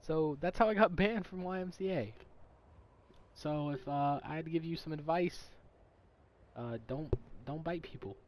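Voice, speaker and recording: A young man telling a story from his childhood in a casual, animated, profane way, in a noisy recording. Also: fairly high pitch, moderate pace. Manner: animated, profane, laughing at himself. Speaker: storytime vlogger.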